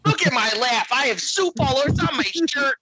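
A woman's voice: high voice, expressive, a little fast, bright, forceful tone, pitched above the performer's own voice. A man putting on the voice of a furious heavyset woman with a Midwestern accent, complaining shrilly about soup spilled in her lap. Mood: outraged. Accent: American Midwest.

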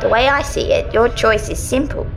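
A woman voicing a calm, unmoved little girl who speaks softly and steadily in an audio drama. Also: on the high side, moderate pace, soft background music, close to an everyday voice, poor audio. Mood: musing.

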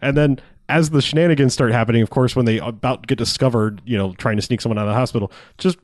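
A man chatting casually on a podcast, rambling through his thoughts with frequent laughs and swearing. His voice sits at an ordinary middle pitch, recorded dry and close with no room sound. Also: fast talker, dry recording. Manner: rambling, laughing, swearing, acting out movie lines. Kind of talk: casual chat.

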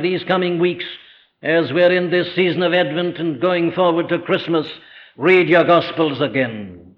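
High-voiced man preaching emphatically, dull recording. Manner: emphatic, full of rhetorical questions, slows right down on key phrases. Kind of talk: sermon.

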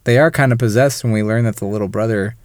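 A man talks through a horror film on a podcast, in a smooth and resonant voice. The sound is dry and close, with no room around it. He breaks into quick impressions of the characters now and then. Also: fairly low pitch, dry recording. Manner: animated, mimics characters in quick asides. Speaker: podcast co-host. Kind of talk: casual film discussion.

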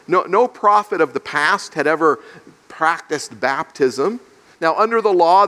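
A man's voice: fairly high pitch, fairly bright tone. Man preaching in a reverberant hall. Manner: explains verse by verse, acts out questions. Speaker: pastor. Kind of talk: expository sermon. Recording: long reverb of a large hall.

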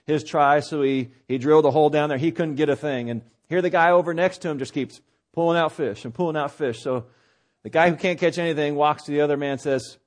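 A man's voice: on the high side, a little fast. A man preaching a sermon, opening with a folksy story full of fillers and restarts, then building to emphatic preaching. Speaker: pastor.

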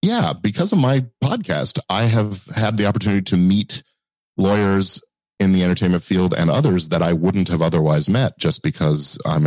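A man with a very low voice answers interview questions in a relaxed, measured way and hesitates now and then. His audio is dry and slightly distorted. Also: dry recording. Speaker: guest, entertainment lawyer.

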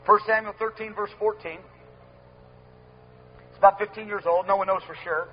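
A man preaching a sermon at a gathering, emphatic and repetitive, swinging from loud to soft. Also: high-pitched, fairly even intonation, normal speed, husky. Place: gathering hall with sound system. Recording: dull lo-fi with faint hum.

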